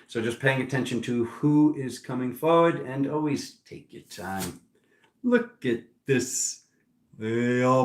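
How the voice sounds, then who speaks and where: Man, tarot reader, playful, animated, mid-pitched voice, roomy echo. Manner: animated, playful, teasing, talks to himself and the cards. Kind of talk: casual tarot reading.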